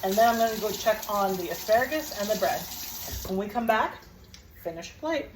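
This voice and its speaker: A woman's voice: medium pitch, expressive, normal speed, background noise. A woman chatting casually to her viewers while cooking and tasting food in a home kitchen. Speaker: cooking vlogger.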